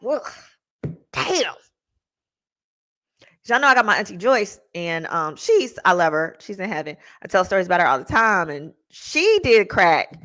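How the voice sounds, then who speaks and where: A woman attorney hosting a show, telling stories in a casual, slangy, animated way with laughing asides. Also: lowish voice, normal speed, hardly any pauses. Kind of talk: casual storytelling chat.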